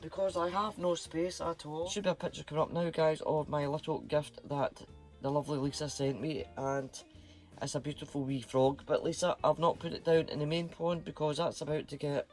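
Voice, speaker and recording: A man's voice: a little high, fairly even intonation, normal speed, darkish tone, faint music behind. A Scottish man chatting casually to camera as a vlogger, dropping Scots slang words as he talks.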